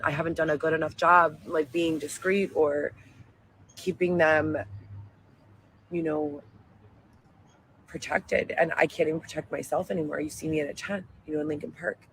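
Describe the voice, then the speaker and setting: A woman's voice: sits low, fairly even intonation, moderate pace, long pauses, a little hiss or hum, low-quality recording. A woman talking in a wandering, emotional and self-righteous way, in a clip played back. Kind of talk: rambling monologue. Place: outdoors, living in a tent.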